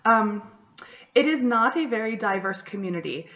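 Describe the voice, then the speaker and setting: A woman's voice: on the high side, animated, moderate pace, a bit bright, muffled recording. Chatty young woman. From Michigan, USA. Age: 20s. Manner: chatty storyteller, lots of "like" and "you know". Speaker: podcast host. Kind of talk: casual solo podcast chat.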